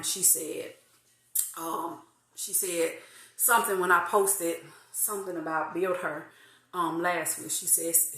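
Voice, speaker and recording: A woman in her forties hosting a casual faith talk, lively, laughing often and drawing out some phrases. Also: mid-range voice, echoey room. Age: 40s. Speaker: host of an online faith talk.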